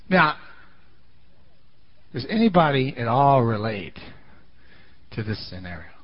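A man's voice: medium pitch, sing-song, takes it slowly, husky, highs cut off. A man preaching a sermon in a dramatic storytelling style, often asking the audience questions.

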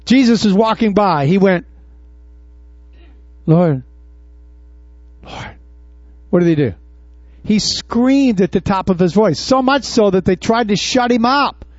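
A man preaching to his congregation in a high voice, tossing out questions and acting out Bible scenes. The sound is dry and a little dull. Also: normal speed, hardly any pauses, no room sound. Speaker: pastor. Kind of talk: sermon. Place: church before a congregation.

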